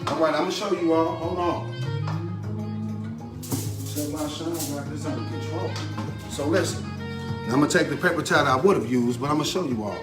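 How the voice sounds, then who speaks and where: Lively male cooking host in a home kitchen, talking loosely over clear background music. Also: fairly high pitch, fairly quick, pauses often. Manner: lively, chatty, repeats a catchphrase and laughs often. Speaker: home cook and video host. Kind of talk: casual cooking demonstration. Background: music playing under the voice.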